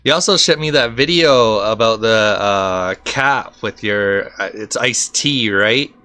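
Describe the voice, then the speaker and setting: A man hosting a podcast, reacting with interest and asking quick, curious follow-up questions. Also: on the low side, sharp tone, smooth. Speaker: podcast host. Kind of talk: casual interview chat.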